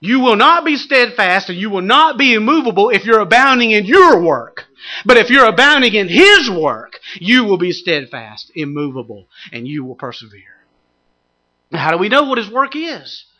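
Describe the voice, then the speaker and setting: Man, middle-aged preacher, bright voice, sermon with anecdotes, animated delivery. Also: sits high, moderate pace. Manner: animated, humorous storytelling that builds to shouted exhortation. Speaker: pastor.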